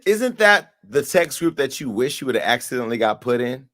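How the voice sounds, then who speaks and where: A man hosting a talk show, commenting on interview clips and spinning animated, profane stories. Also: mid-range voice, a little fast. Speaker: show host.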